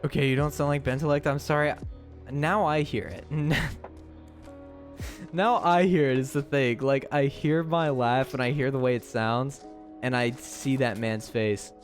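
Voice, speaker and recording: A man's voice: steady tone, unhurried, faint music behind. A man streaming live, chatting with his viewers in a rambling, giggly way. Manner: giggly, rambling, breaks into high laughing shrieks. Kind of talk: casual live-stream chat.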